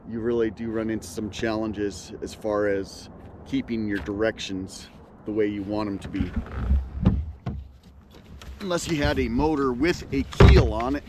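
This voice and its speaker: A man hosting an outdoors video, casually explaining things as he goes while out on a kayak on a small lake. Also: on the low side. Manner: relaxed, thinking aloud, explaining as he goes. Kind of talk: casual on-the-water commentary. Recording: loud outdoor background noise.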